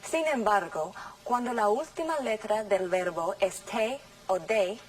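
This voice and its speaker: A woman teaching English in a scripted classroom lesson, saying model sentences slowly and carefully. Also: mid-range voice, recorded from a distance, faint music behind, low-quality recording. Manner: slow, careful, over-articulated model sentences.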